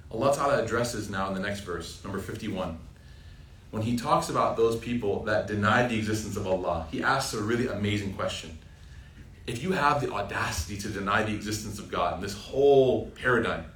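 A young man teaching an informal Quran reflection class, lively and joking, often asking the audience questions. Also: lowish voice, fairly quick. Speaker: Islamic teacher. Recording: roomy sound from a distant mic with faint ambient noise.

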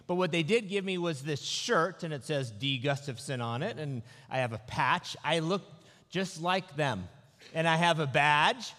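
A male pastor preaching a sermon, telling personal stories in a relaxed way with self-deprecating humor. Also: a little high, measured pace. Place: church sanctuary. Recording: long reverb of a large hall.

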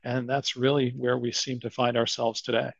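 Podcast guest with a Boston accent, gravelly voice, thoughtful and chatty, dull dry sound. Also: male voice, medium pitch, flat delivery, moderate pace, dry recording. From Boston area. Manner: thoughtful, filler-heavy, uses "you know" often. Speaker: guest, asset management strategist. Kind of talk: conversational podcast interview.

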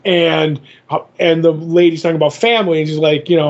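A man co-hosts a casual comic book podcast, wandering through his thoughts as he retells scenes and slips into quoted voices. His voice sits a little high. The audio is muffled and lo-fi. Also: flat delivery, brisk. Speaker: podcast co-host.

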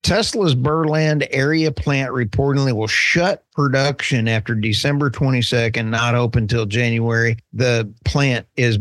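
A man with an Oklahoma accent co-hosting an energy news podcast, talking in a folksy, joking, animated way. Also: mid-range voice, dry recording. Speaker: podcast co-host. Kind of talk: casual chat.

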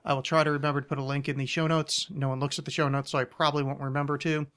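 A man's voice: fairly high pitch, little pitch movement, very fast, a bit bright, clean tone. This is a man. He hosts a loose, casual podcast, rambling in a self-deprecating way and restarting his sentences as he goes. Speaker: podcast host.

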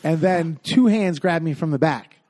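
A man with a somewhat high voice tells a long story in a casual podcast chat. He rambles, filling his sentences with fillers, and acts out what people said to him. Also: moderate pace, darkish tone. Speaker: guest telling a story.

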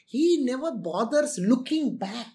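Spiritual teacher, lively delivery with wide pitch swings, frequent laughter, plays out quotes. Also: a little slow. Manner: animated, laughs often, acts out quotes. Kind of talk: lecture on renunciation.

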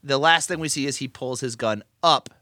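A man's voice: mid-range voice, moderate pace, sharp tone, no echo, studio quality. A man hosting a podcast, chatting casually and wrapping up the episode with a laugh. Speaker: podcast host. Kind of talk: casual chat.

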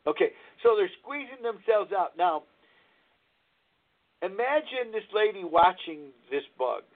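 A man's voice: high voice, lively intonation, measured pace. A man hosting a recovery talk radio show, telling a story in a rambling way and searching aloud for words, heard over a tinny phone-like line. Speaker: radio host.

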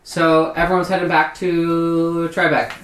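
A man's voice: fairly high pitch, completely flat delivery, moderate pace, a bit bright. A man narrating a tabletop game as game master, in an easygoing, casual way. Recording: roomy echo.

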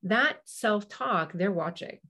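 A woman's voice: medium pitch, expressive, takes it slowly, pushed and bright. A middle-aged woman hosting a parenting podcast, talking through advice in a chatty way, with asides and little acted-out quotes. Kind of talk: casual advice talk.

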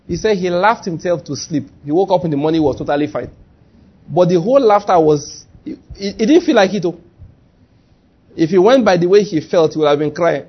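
Nigerian male pastor, raised voice, lively sermon delivery, muffled low-fi recording. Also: a little fast, husky. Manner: lively, chatty preaching with acted-out quotes and laughter.

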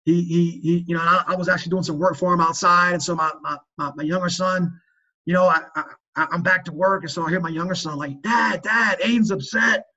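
A man's voice: fairly high pitch, flat delivery, fast talker, bright, forceful tone, lo-fi sound. A man talking earnestly about fathering on a faith-based podcast, emphatic and preachy, often restarting his sentences. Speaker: father sharing parenting advice.

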